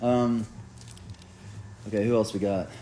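Speaking a little slowly in a steady, warm, low-side voice, a musician hosts a merch live stream from his phone with slight background noise behind him. He rambles casually, leans heavily on "like," and reads out viewers' names and where they're from.

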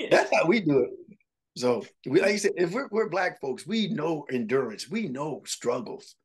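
A comedian telling jokey, animated stories in an interview, often repeating himself. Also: male voice, on the high side, a little slow, slightly rough. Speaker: comedian guest. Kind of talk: storytelling in an interview.

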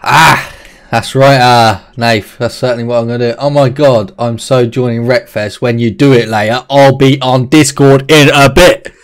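Man, live game streamer, excitable, swears a lot, talks to viewers. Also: medium pitch, moderate pace. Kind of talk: live gameplay commentary.

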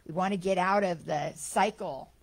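A woman giving a Sunday spiritual talk, telling stories in a chatty, animated way. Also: fairly low pitch, moderate pace, vocal fry. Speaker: guest speaker at a spiritual center.

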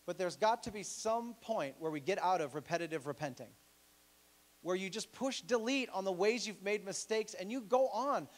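Animated joking male pastor preaching. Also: sits high, normal speed. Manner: animated and joking, acts out quoted voices. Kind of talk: sermon.

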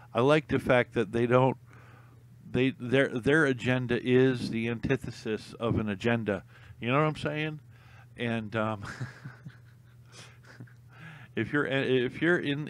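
A young man chatting casually to camera, rambling with lots of ums and uhs and frequent laughs. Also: medium pitch. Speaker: vlogger.

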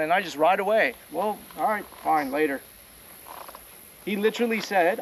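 Canadian man, vlogger, boastful joking banter outdoors; slightly high voice. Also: animated, measured pace, pauses often, slight background noise. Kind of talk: casual chat. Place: outdoors in rainforest.

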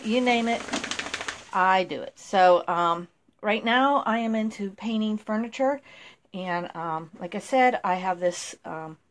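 A woman chatting casually through a furniture painting how-to, with lots of ums. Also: mid-range voice. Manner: chatty, lots of ums, talks to her dog. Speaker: furniture makeover vlogger.

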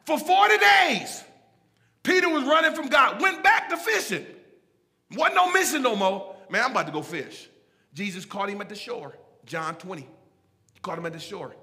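High, bright-voiced preacher shouting in a church. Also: male voice, normal speed, vocal fry, in a large hall. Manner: animated, calls out to the congregation; swings between shouting and low asides. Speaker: pastor. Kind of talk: sermon. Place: church sanctuary.

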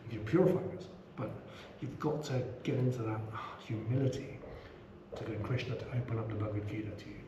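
A middle-aged man leading a relaxed scripture class, chatty, with many asides and repeated "you know"s. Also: medium pitch, quick pace, dull audio. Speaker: scripture teacher. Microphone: small action camera. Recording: roomy room, faint background hum.

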